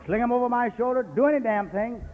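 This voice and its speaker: A man's voice: very high-pitched, fast talker. A man from San Jose giving a blunt, folksy recovery talk at a convention, full of profanity and stories. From San Jose, California. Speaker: AA speaker. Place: convention hall. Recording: echoey hall on lo-fi 1980s cassette.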